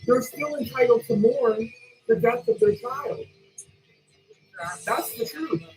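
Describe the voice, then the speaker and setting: A woman's voice: a little high, slow, a little mellow, soft background music, rough recording. A woman ranting in blunt, repetitive commentary, often asking "right?" and swearing casually. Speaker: commentary vlogger.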